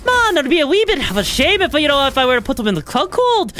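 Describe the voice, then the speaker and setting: A woman's voice: high-pitched, sing-song, fast talker, a bit bright, slight background noise. A woman putting on a cheeky, taunting mock-Irish voice while playing a game. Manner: taunting, singsong, says "wee bit" a lot. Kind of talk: joking put-on voice while gaming.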